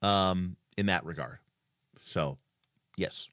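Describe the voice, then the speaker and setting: Bright-voiced, emphatic male stream host. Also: low voice, slow, clean tone, dry recording. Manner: thinks aloud with many fillers and restarts, reads chat comments; emphatic, opinionated. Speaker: livestream host. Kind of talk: casual livestream chat.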